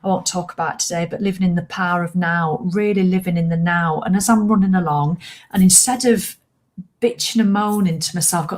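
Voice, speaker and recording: Woman host, lowish voice, upbeat, chatty and encouraging on a live stream. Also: steady tone, moderate pace, darkish tone. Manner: chatty, encouraging, acts out grumbling viewers. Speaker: host of a walking challenge livestream. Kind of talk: casual live chat to viewers.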